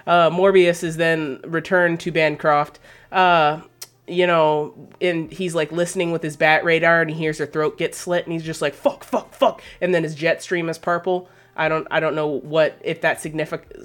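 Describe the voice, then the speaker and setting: A woman co-hosting a casual podcast chat, retelling a film plot in a loose, profane, animated way. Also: low voice, normal speed. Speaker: podcast co-host.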